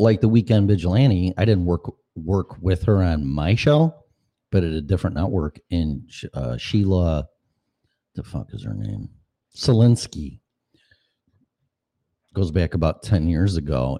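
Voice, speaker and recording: Deep-voiced man ranting on his podcast. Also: dark tone. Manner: profane, rambling rant. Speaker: podcast host. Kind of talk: casual rambling monologue. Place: apartment at home. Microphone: studio mic with headphones.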